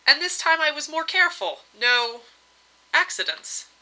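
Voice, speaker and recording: A woman's voice: high voice, very animated, a little slow, pushed and bright, pitched above the performer's own voice, heavily acted, low-quality recording. A woman reading aloud, voicing a mighty but meek husband who answers apologetically and eagerly. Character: mighty wind-lord husband, meek and hasty.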